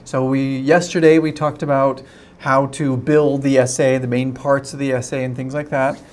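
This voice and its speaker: A man's voice: mid-range voice, level tone, moderate pace, a little mellow. A young man teaching an online English lesson in a chatty way, often checking in with "right?".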